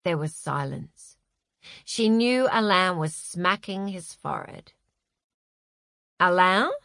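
A woman narrating a novel with wry, expressive storytelling. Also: lowish voice, slow pace, vocal fry, no echo, clean studio sound. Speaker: audiobook narrator. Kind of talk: scripted narration.

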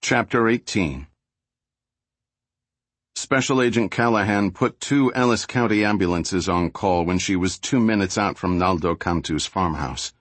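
Low, husky male audiobook narrator. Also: measured pace, dry recording. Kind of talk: scripted narration.

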